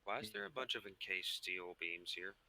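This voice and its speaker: A man's voice: low voice, big pitch swings, normal speed, gravelly, sharp tone, low-quality recording. A man chatting casually during a multiplayer game, listing the parts he still needs.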